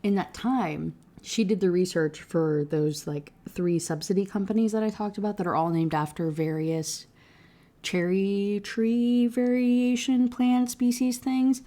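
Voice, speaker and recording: A woman's voice: medium pitch, steady tone, unhurried, dark tone. A woman giving a casual, ranting book review, blunt and profane, chatty with lots of fillers.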